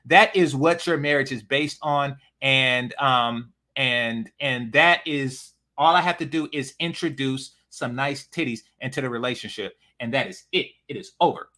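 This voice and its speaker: A man's voice: medium pitch, unhurried, few pauses, pushed and bright. A man hosting a reaction commentary, mocking and repetitive with plenty of profanity. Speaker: commentary channel host.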